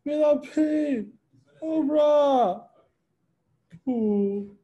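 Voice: high-pitched, drawn-out words, highs cut off. An amateur performer reading a dim young male actor who is confidently clueless.

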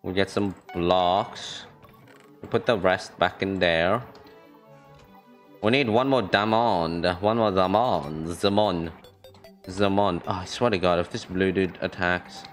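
Excitable young man streaming a game. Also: low-pitched, slow, faint music behind. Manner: excitable, trash-talking, repeats phrases. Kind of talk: gaming stream commentary.

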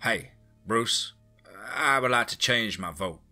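A man's voice: mid-range voice, lively intonation, slow, sharp tone, faint music behind, exaggerated voice. A man voicing an angry older male rancher who speaks in a heated, blunt way. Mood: bitter.

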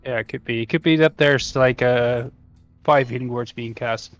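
Hesitant man thinking out loud at the table. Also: medium pitch, steady tone, normal speed, highs cut off, soft background music. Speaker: player. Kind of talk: casual tabletop game talk.

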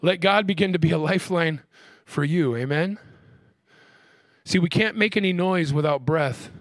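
A man preaching a sermon as pastor, asking the crowd "amen?" and slowing down to stress key words. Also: fairly high pitch, no room sound, clean studio sound. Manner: call-and-response preaching, frequent "amen?".

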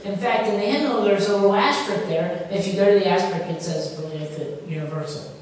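A woman pastor giving a conversational sermon, lively and full of rhetorical questions. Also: medium pitch, fast talker. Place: church sanctuary. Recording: echoey church hall from far off.

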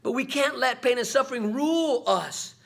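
Husky high-voiced man preaching. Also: expressive, normal speed, a bit bright. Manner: preachy, repeats "man" and "come on"; call-and-response questions. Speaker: vlog host. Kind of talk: motivational talk to camera.

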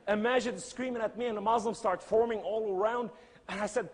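Brief: man preacher with a raspy, higher voice, dramatic loud-to-hushed delivery, non-native English, long church reverb. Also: brisk. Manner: emphatic, with big swings between loud cries and hushed lines. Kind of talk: sermon storytelling.

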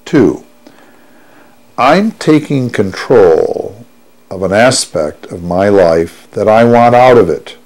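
A man guiding a listener through a hypnosis session, speaking in a soothing, unhurried way and repeating each affirmation. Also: lowish voice, animated, a little mellow. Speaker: stop-smoking hypnotherapist.

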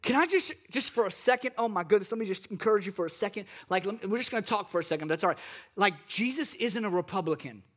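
A man's voice: high-pitched, expressive, fast talker, fairly bright tone. A male pastor preaching a sermon with impassioned, repetitive exhortations.

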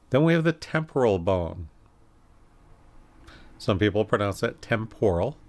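A man giving a recorded anatomy lecture, calmly explaining and pointing through slides with occasional self-corrections. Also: fairly low pitch. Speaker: anatomy instructor.

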